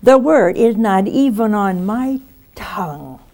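A woman preacher giving a sermon, swinging between loud exclamations and hushed asides and laughing often. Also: medium pitch, animated, takes it slowly.

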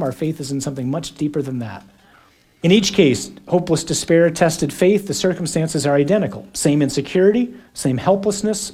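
A man preaching a sermon, shifting between quiet reflection and acted-out shouted dialogue, with dramatic pauses. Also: a little high.

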